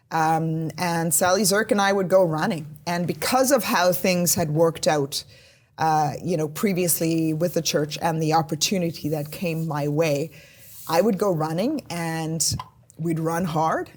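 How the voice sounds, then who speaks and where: Candid storytelling woman from South Africa. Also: deep voice. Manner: candid, reflective storytelling with many "yeah"s. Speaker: guest, police constable. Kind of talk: casual podcast interview.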